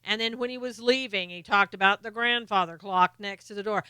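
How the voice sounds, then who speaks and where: A woman's voice: medium pitch, a little fast, hardly any pauses, bright, forceful tone, clean tone, no echo. A middle-aged woman hosting a live stream, chatting casually and sarcastically about politics while greeting viewers by name.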